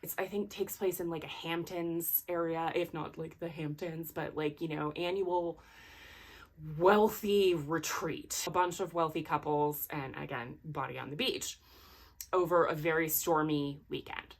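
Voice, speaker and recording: A woman with a slightly low-pitched voice gives a casual book review on her own channel. She rambles along in loose, chatty phrases packed with fillers and drops in self-deprecating apologies. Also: steady tone, measured pace. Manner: rambling and chatty, full of "like" and "you know". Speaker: book vlogger.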